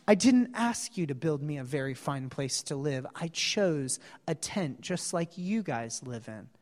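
A humble, gentle God speaks softly and slowly, put on by a man preaching. The voice sits low and quiet, and it rings out in a long hall reverb. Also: steady tone, natural voice.

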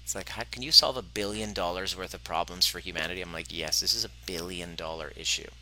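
Male podcast host and coach, earnest storyteller, lowish voice with a very bright, forceful edge. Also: fairly even intonation, fast talker, a little hiss or hum. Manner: earnest, acts out client dialogue. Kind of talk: personal storytelling monologue.

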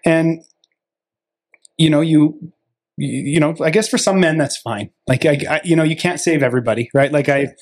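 A man co-hosting a podcast, thinking aloud in casual chat with many restarts and fillers. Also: on the high side. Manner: reflective, halting, many fillers. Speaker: podcast co-host.

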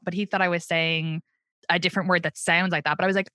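A woman's voice: lowish voice, level tone, very fast, bright, forceful tone, no room sound, studio quality. An Irish woman in her thirties, a comedian guest talking candidly and laughing often in a casual interview. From Ireland. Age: 30s.

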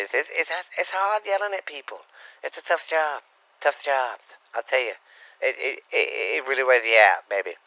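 A man's voice: mid-range voice, bright, forceful tone, smooth, no room sound, muffled recording. A middle-aged man from Louisiana with a Southern Louisiana accent, hosting a podcast in a loose, profane, rambling way. His voice sounds slightly sore. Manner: profane, loose, calls listeners baby. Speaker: podcast host. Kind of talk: rambling casual podcast talk.

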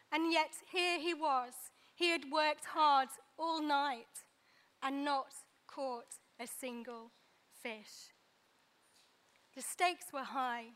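A woman preaching a sermon, pausing for effect and acting out the lines she quotes. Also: extremely high pitch, sharp tone. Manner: dramatic pauses, acts out quoted dialogue.

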